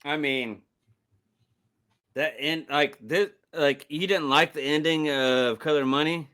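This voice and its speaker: A man's voice: on the high side, slow, pushed and bright, smooth. A man co-hosting a film podcast, telling stories in casual chat, swearing freely and laughing often. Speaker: podcast co-host.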